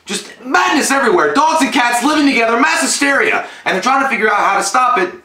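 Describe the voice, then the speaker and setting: A man co-hosting a casual movie review, swearing freely and acting out scenes in loud put-on voices. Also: extremely high pitch, lively intonation, fast, reverberant. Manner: profane, bursts into shouted voices. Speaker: co-host.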